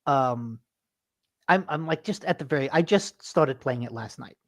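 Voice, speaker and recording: A podcast co-host on a call, talking in a halting way full of fillers and laughing easily. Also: mid-range voice, lively intonation. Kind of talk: casual chat. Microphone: remote call mic.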